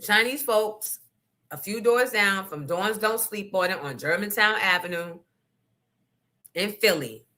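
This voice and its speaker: A woman's voice: medium pitch, expressive, unhurried, bright, forceful tone. A woman hosting a casual podcast chat, telling frank, profane stories with asides to her listeners. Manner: candid, profane storytelling with asides to the audience. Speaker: host.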